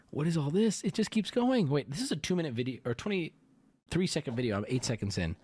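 A male streamer reacts live in an incredulous, rambling way, full of restarts. His pitch swings widely and sits a little high for a man. The sound is dry and close. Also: very animated, fairly quick, darkish tone, slightly rough, dry recording. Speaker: streamer host.

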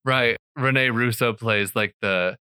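A man's voice: mid-range voice, takes it slowly, pushed and bright, clean tone, no echo, studio quality. A man co-hosting a podcast in casual chat, laid-back and rambling, peppering his talk with "like". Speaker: podcast co-host.

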